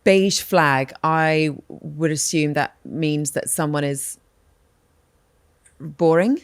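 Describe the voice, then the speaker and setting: A woman's voice: sits low, slow pace, no room sound. A woman co-hosting a podcast, chatting casually and laughing often. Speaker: podcast co-host. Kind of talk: casual chat.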